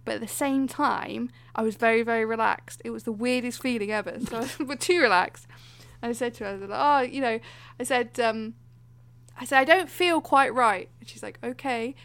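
A woman's voice: on the high side, moderate pace, gravelly, a bit bright. A young woman telling a story in casual chat, acting out other people's lines with lots of laughter.

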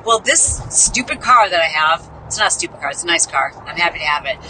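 A woman's voice: low voice, expressive, fast, background noise. A woman from the Midwest, a podcast host, telling a story in a casual, chatty, self-mocking way and acting out the people she quotes.

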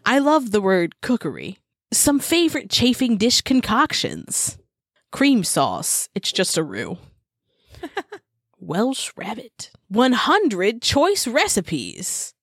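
A woman's voice: a little high, takes it slowly, breathy edge, no echo, studio quality. A woman co-hosting a casual podcast who reads old book passages aloud and adds wry, laughing asides. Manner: animated, laughing, wry asides while reading. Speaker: podcast co-host.

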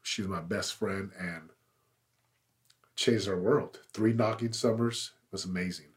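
This is a podcast guest in his forties, earnestly and emphatically telling his story in a conversational interview, with his intensity swelling. He talks slowly in a low-pitched voice with a breathy edge.

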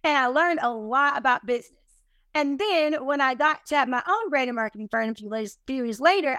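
A woman with a high, bright-pitched voice speaks as a podcast guest. She tells stories in an animated, emphatic way and pokes fun at her own mistakes. The recording is dry and close. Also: no echo. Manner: animated, emphatic, self-deprecating. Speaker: podcast guest, business owner. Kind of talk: casual interview storytelling.

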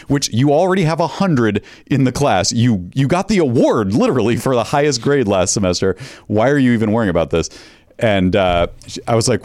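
A man's voice: medium pitch, animated, a little fast, a little mellow, no room sound, studio quality. A middle-aged man co-hosting a podcast, telling a family story in a laid-back, chuckling, self-deprecating way. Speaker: podcast co-host and announcer.

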